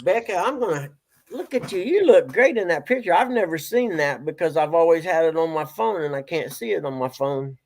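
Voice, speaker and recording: A man's voice: fairly high pitch, sing-song, fairly quick, darkish tone. A middle-aged man hosting a casual live stream, chatting and greeting viewers by name. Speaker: stand-in host of a live stream.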